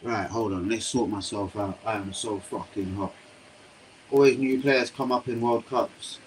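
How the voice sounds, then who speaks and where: A young man hosting a live football stream, chatting to his viewers in slangy, excitable talk with frequent swearing. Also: lowish voice, a little slow, a little hiss or hum, rough recording. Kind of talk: casual live-stream commentary. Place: home room.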